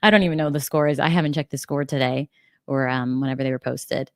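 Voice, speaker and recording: Chatty young American woman, low voice. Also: fairly even intonation, quick pace, no room sound, studio quality. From United States. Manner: chatty, bubbly, lots of "like" and laughs. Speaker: livestream host. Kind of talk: casual live-stream chat.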